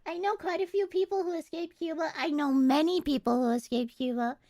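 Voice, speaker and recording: A young adult woman streaming and chatting casually, excitable and quick to swear. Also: sits high, no room sound. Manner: excitable and profane, swears freely. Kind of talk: casual livestream chat.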